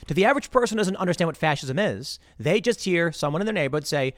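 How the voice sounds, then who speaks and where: A man's voice: fairly high pitch, fast, hardly any pauses, no room sound, clean studio sound. A man in his thirties hosting a podcast, giving political commentary and acting out heated arguments. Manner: animated ranting, acts out heated bar arguments. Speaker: podcast host.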